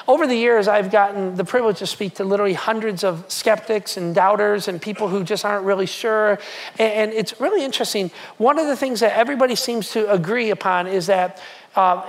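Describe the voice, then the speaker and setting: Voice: mid-range voice, fairly quick. A pastor delivering a sermon in an easy, conversational tone. The speaker keeps turning to the congregation with questions and repeats key phrases to drive them home.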